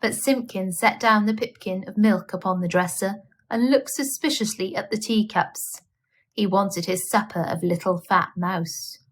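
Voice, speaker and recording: A woman reading a children's bedtime story aloud in a gentle, expressive manner. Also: mid-range voice, a little slow.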